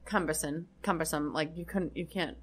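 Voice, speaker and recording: A woman's voice: sits low, fairly even intonation, moderate pace, slightly rough. A woman co-hosting a casual podcast, explaining facts with many ums and restarts. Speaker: podcast co-host. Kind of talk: casual chat.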